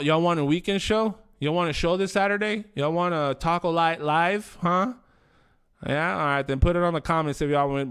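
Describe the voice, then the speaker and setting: A man's voice: on the high side, a bit bright, clear, resonant tone. A man hosting a livestream, chatting casually slang, swearing and rambling. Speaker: livestream host.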